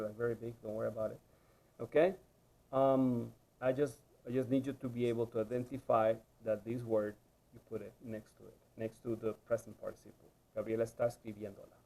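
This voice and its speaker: A man's voice: medium pitch, little pitch movement, fast, darkish tone. Patient man teaching a video lesson. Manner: patient, repeats "okay?" to check understanding. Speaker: Spanish teacher.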